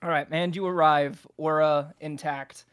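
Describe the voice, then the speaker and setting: A man's voice: on the high side, steady tone, measured pace, a bit bright, smooth, no room sound, clean studio sound. A young man narrating as game master, rambling with many fillers and restarts.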